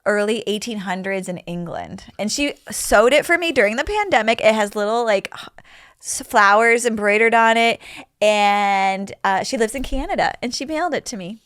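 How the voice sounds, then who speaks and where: A woman's voice: mid-range voice, expressive, moderate pace, a bit bright, clean tone. A middle-aged woman hosting a comedy podcast, chatting casually in a rambling, playful way and laughing easily. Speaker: podcast host.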